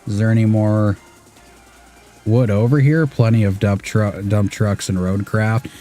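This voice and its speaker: A gaming streamer in his thirties from Washington State casually comments on an off-road driving game, muttering to himself and swearing now and then. His voice is lowish and dark, with fairly even intonation at a measured pace, and faint music plays behind him.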